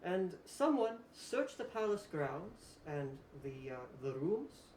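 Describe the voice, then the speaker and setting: A man voicing a stern female priestess ruler who gives orders in a commanding, measured way. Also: high voice, sing-song, darkish tone, far from the mic, voice pushed up, exaggerated voice. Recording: roomy echo, faint hiss.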